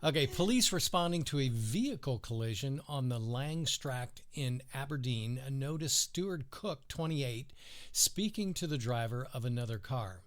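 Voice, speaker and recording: A man's voice: medium pitch, expressive, measured pace. A man co-hosting a podcast, chatting casually and reading odd news stories aloud in a laid-back way, chuckling often. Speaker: podcast co-host.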